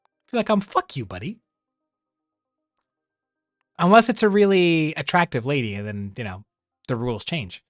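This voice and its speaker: A man chatting casually on a livestream, rambling and animated, often laughing. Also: on the high side, brisk, dry recording, studio quality, faint music behind. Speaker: streamer.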